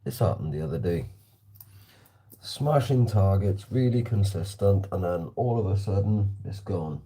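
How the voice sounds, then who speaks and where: A man's voice: sits low, animated, unhurried, dark tone. A man vlogging casually while shooting targets with a slingshot, chatting and answering viewer comments. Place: indoor hallway.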